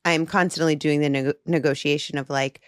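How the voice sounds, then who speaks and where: A woman's voice: sits low, fairly quick, smooth, no echo, studio quality. A woman co-hosting a podcast, earnestly explaining what she is learning in a casual conversation. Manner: earnest, explanatory, animated about ideas. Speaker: podcast co-host. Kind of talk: candid conversational interview.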